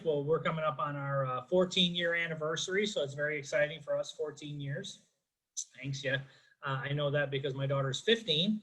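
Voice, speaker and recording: A middle-aged man with a Chicago accent works through a stand-up set on a video call. His voice sits a touch high and sounds bright and ringing. He rambles in a chatty, self-deprecating way, padding his jokes with fillers. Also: poor audio. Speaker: stand-up comedian.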